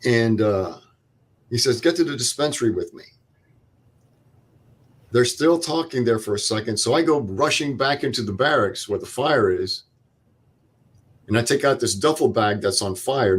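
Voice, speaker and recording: A man's voice: medium pitch, animated, normal speed, slightly rough. An older man, a veteran guest, telling a vivid step-by-step war story and acting out the dialogue. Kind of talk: interview storytelling.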